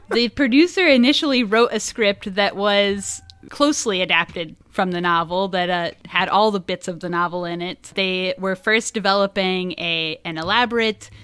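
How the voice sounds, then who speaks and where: A woman hosts a casual film podcast, running through background research in a chatty way, with plenty of laughs and filler likes. Her voice is smooth and clear, recorded close on a dry mic. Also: mid-range voice, fairly bright tone, dry recording. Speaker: podcast host.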